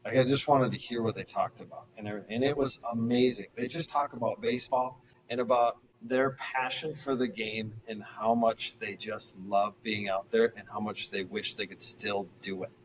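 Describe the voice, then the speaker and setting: A middle-aged man, a former pro pitcher, telling stories casually as a podcast guest and acting out the people he quotes. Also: normal speed, hardly any pauses, slight background noise, poor audio. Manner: animated, acts out quoted voices. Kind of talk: casual storytelling.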